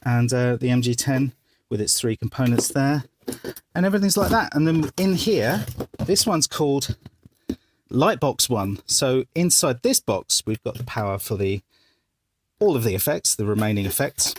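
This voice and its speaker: A man gives a casual walkthrough of his music studio, explaining his gear piece by piece in a chatty way. His voice sits at an ordinary middle pitch, and the sound is an indoor studio room. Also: lively intonation, moderate pace, slight background noise. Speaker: musician giving a studio tour.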